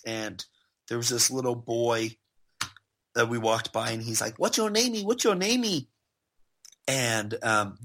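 A man telling stories in a casual chat, animated and quick to laugh as he acts out people he quotes. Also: on the low side. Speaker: guest. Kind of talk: casual storytelling.

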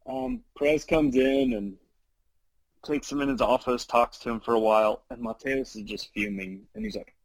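A man casually telling a story from his mission days, animated, with many fillers and frequent laughs. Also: medium pitch, moderate pace, vocal fry, no echo, low-quality recording.

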